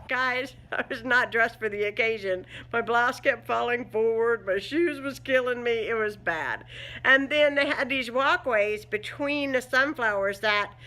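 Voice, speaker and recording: A woman's voice: a little high, sharp tone. A woman chatting casually in a home vlog, rambling with many fillers and frequent laughs. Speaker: vlogger. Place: at home indoors.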